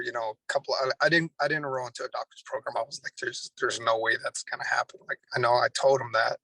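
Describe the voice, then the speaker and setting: A man's voice: mid-range voice, steady tone, fast talker, few pauses, sharp tone, no room sound, rough recording. A man, a Marine drill instructor, earnestly telling a personal story in an interview, with many restarts.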